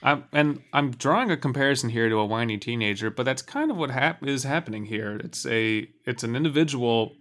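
A man's voice: mid-range voice, a little fast, few pauses, a bit bright. Joking man reading a story aloud. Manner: joking, laughs easily. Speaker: co-host and reader. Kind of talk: casual banter while reading a novel aloud.

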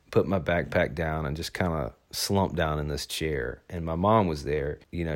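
A young adult man from Arkansas, telling a personal story in a casual, rambling way with lots of fillers. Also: sits low. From Arkansas, USA. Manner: relaxed, rambling with many fillers.

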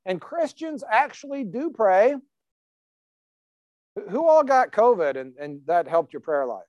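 A man's voice: sits high, sing-song, unhurried, darkish tone, no echo, lo-fi sound. A man preaching a sermon as pastor in a conversational, emphatic way, asking the congregation questions.

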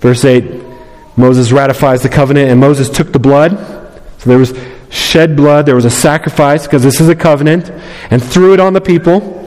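A man's voice: on the high side, normal speed, a little mellow. A male pastor preaching a sermon, emphatic, often repeating key phrases and acting out voices from the story. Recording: long reverb of a large hall.

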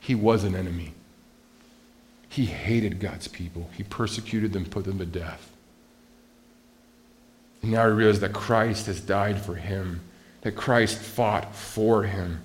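A male pastor preaching a sermon in an earnest, emphatic way, often restarting his sentences. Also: lowish voice.

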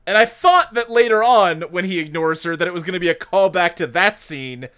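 A man co-hosting a casual podcast with a bright, forward voice that sits a little high. He talks loosely and wryly and laughs easily. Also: fairly quick, smooth. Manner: laughs often, animated and wry. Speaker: podcast co-host. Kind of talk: casual chat.

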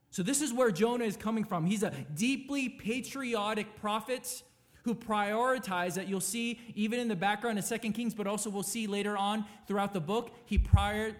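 A man preaching a sermon as pastor, emphatic and dynamic, asking his listeners rhetorical questions. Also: high-pitched.

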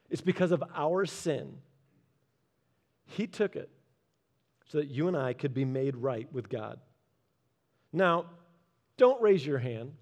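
A man preaching a sermon in a conversational way, adding humorous asides and dropping quiet and slow for the solemn points. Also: fairly high pitch. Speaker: pastor.

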